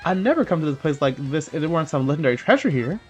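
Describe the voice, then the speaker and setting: A man's voice: on the high side, very animated, racing, faint music behind. A man voicing a bubbly young female goomba student with chirpy, gushing chatter. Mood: grossed-out.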